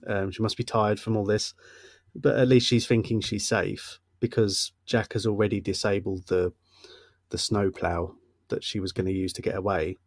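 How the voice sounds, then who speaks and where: Male co-host, low voice, easygoing film recap, dry. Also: moderate pace, dry recording. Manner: relaxed, recaps plot with soft laughs. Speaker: podcast co-host. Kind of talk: casual film discussion.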